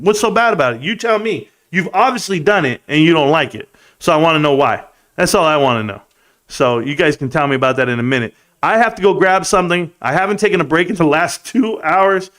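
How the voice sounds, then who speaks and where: A man's voice: on the high side, animated, a little fast, fairly bright tone. A man in his thirties hosting a live stream, reading chat aloud and joking in a rambling, casual way. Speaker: livestream host.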